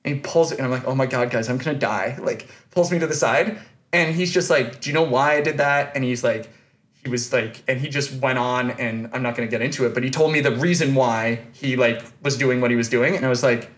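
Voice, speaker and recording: A man's voice: mid-range voice, fairly even intonation, a little fast, fairly bright tone. A man telling a long, rambling story on a podcast, full of restarts and fillers. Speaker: podcast host. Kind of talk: casual storytelling chat.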